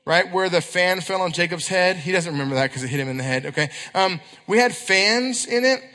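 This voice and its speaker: A man preaching a sermon to young people in a church, telling stories with quick asides and acted-out quotes. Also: high-pitched, expressive, sharp tone. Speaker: youth pastor. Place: church hall. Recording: echoey church hall.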